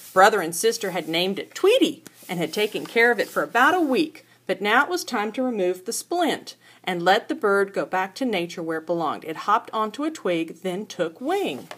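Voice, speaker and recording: A woman's voice: mid-range voice, sing-song, normal speed, few pauses, fairly bright tone, husky. An older woman, a grandmother, reading a storybook aloud at home to a child, with playful asides to the listener.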